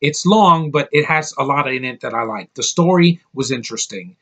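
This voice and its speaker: A man talks through a movie review in a loose, unscripted way. He is blunt and profane, often stumbling and restarting mid-sentence, at a middling pitch. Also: animated, moderate pace, a bit bright. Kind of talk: casual spoken review.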